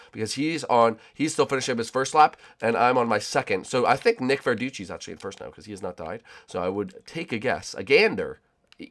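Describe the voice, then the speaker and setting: A young man giving excitable, rambling commentary as he plays a game with friends, often shouting "oh, baby". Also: mid-range voice. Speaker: gaming YouTuber. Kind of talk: excited let's-play commentary.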